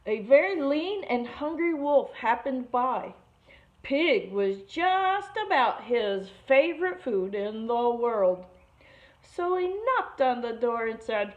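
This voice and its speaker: A woman teacher reading a picture book aloud to children, expressive and stopping to explain words, on a muffled lo-fi recording. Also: a little high, slow.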